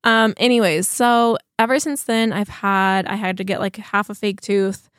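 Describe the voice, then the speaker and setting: A woman's voice: mid-range voice, fairly even intonation, moderate pace, clean tone, no room sound, clean studio sound. A woman, chatting casually and rambling to her viewers, with lots of "like" fillers. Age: 30s. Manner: chatty, rambling, heavy use of "like". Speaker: vlogger.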